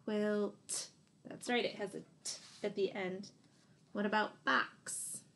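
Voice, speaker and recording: A woman teacher leads a phonics lesson for young children. She speaks slowly and patiently at a middle pitch, sounds out each letter and gives encouraging praise. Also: fairly even intonation, vocal fry, a bit bright, a little hiss or hum.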